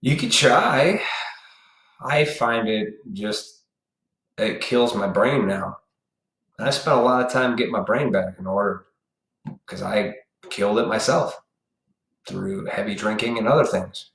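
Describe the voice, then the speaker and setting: A man's voice: fairly low pitch, measured pace, gravelly, pauses often, a bit bright, roomy sound, poor audio. A man hosting a live stream, delivering a blunt, profane, preachy ranting monologue.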